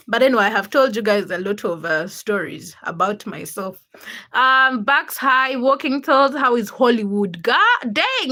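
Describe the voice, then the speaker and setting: A young adult woman hosting a livestream, telling childhood stories in a casual, animated way and greeting viewers in the chat. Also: mid-range voice, normal speed. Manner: animated storytelling, acts out quotes with laughter. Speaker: livestream host.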